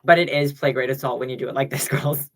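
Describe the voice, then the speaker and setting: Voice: medium pitch, fast, a bit bright. A streamer with a male-sounding voice, ranting profanely on a live webcam stream, with lots of "like" fillers. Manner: profane, heated, full of "like" fillers. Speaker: livestreamer. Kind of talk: ranting livestream monologue. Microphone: webcam mic.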